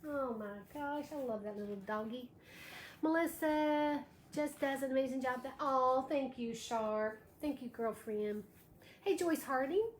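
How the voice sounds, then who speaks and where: A woman's voice: high voice, measured pace. A woman hosting a live wreath-making tutorial, chatty and gushing as she greets viewers by name. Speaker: live craft show host. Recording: echoey room with faint background noise.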